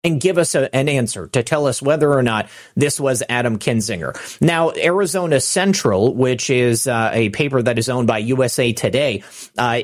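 A man hosting political commentary in a sarcastic, mocking tone, talking straight to the viewer. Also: medium pitch.

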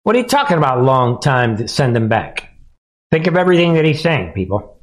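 A man's voice: medium pitch, big pitch swings, fairly quick, rough recording. A man hosting a live political commentary stream, talking in a sarcastic, mocking way and laughing often. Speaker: commentary host.

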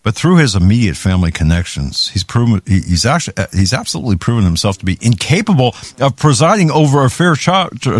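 A talk show host with a husky, medium-pitched voice delivers heated political commentary in a dry recording. He rants, stumbling and restarting often.

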